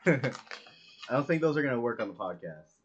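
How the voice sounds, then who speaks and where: Husky-voiced guy arguing casually. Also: medium pitch, big pitch swings, brisk, dull audio. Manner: rambling, argumentative, laughs a lot. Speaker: podcast co-host. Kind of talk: casual chat.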